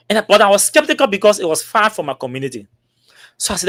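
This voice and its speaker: A man's voice: high voice, fast talker, dry recording, clean studio sound. A man with a Liberian English accent, telling a long story and acting out the dialogue with lots of repetition. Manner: animated, acts out dialogue with repetitions. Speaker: talk show host. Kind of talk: storytelling monologue.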